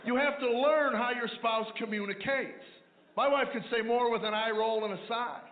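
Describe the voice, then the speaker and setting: A man doing a stand-up comedy routine, telling stories about marriage in a dry, deadpan way, with mumbling asides in other voices. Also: very high-pitched, normal speed, slight background noise. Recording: echoey, tinny lo-fi radio replay of a live set.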